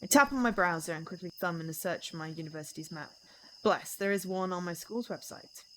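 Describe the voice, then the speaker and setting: A young adult woman streaming a visual novel, reading the story aloud in an expressive, dramatic first-person voice. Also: lowish voice, a little fast, slight background noise, poor audio.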